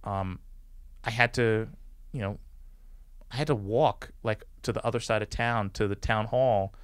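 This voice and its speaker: A man in his forties with a low, smooth, resonant voice, recorded dry and close. He talks as a podcast guest, rambling through stories with lots of "like" fillers and putting on the voices of people he quotes. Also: a little slow, dry recording. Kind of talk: casual storytelling interview.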